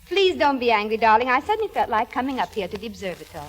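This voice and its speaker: A flighty, high-voiced young wife. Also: female voice, big pitch swings, racing. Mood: defiant, coaxing. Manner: emphatic, dramatic outbursts. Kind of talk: 1940s radio acting.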